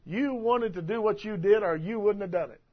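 Husky high-voiced preaching man. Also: normal speed, highs cut off. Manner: emphatic preaching, swings loud and soft. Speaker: pastor. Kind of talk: sermon.

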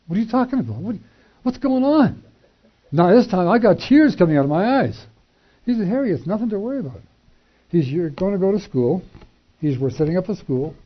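An older man telling a personal testimony, acting out the dialogue with animated shifts in voice and chuckling between lines. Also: mid-range voice. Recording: dull lo-fi recording.

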